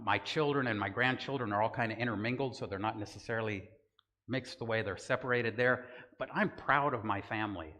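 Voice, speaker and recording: A man's voice: medium pitch, sharp tone, big-room sound. An older man from Southern California giving a Bible lesson in a conversational sermon style, often checking in with listeners by asking "right?". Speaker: church teacher. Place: church hall.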